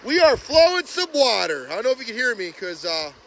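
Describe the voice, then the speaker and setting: A man vlogging outdoors by a pond, chatty and excited as he narrates while walking with a handheld phone. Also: very high voice, gravelly, slight background noise. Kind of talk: casual outdoor vlog commentary. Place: outdoors by a pond and beaver dam. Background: rushing water.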